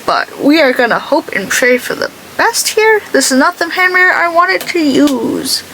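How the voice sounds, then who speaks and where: A woman's voice: high-pitched, expressive, moderate pace, bright, forceful tone, a little hiss or hum, rough recording. A young woman chatting casually and sarcastically while doing her makeup on camera. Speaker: beauty vlogger.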